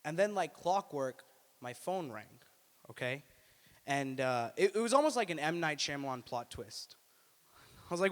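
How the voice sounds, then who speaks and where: In a small indoor student venue, a man in his twenties performs stand-up at an open mic, casual and profane, with plenty of filler words. His medium-pitched voice is expressive, slightly fast and a bit bright. The live room gives a long reverb.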